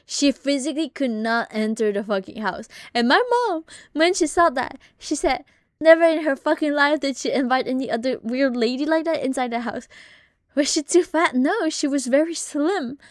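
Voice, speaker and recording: Young woman streamer, higher voice, dry close sound, swearing a lot and chatting fast. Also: dry recording. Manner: swears a lot, animated retelling with laughs. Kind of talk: casual storytelling on a live stream.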